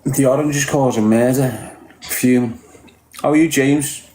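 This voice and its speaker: A man's voice: mid-range voice, fairly even intonation, unhurried, a little mellow, reverberant, a little hiss or hum, rough recording. A man with a Liverpool accent chatting casually on a livestream, greeting viewers and teasing them bluntly with heavy swearing. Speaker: livestreamer reading viewer comments.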